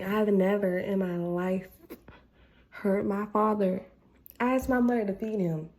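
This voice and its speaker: Gravelly young woman ranting, exasperated. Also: mid-range voice, a little slow, darkish tone. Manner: exasperated, blunt, heavy on "like" fillers. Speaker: vlogger. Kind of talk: casual rant to camera.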